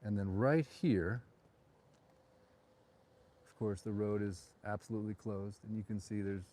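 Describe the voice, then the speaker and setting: A man's voice: on the low side, fairly even intonation, a little slow, dark tone, slight background noise. A middle-aged man hosting a live walking tour at night, chatting and digressing as he goes, recorded on a phone outdoors. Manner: rambling, digressive, chatty asides. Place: outdoors on a town street at night.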